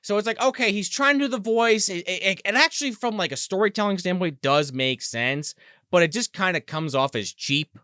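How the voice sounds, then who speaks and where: A man's voice: high-pitched, lively intonation, normal speed, sharp tone, clear, resonant tone, dry recording, clean studio sound. A man in his thirties co-hosting a casual movie review podcast, rambling and joking as he talks. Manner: rambling, joking, restarts sentences. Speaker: podcast co-host.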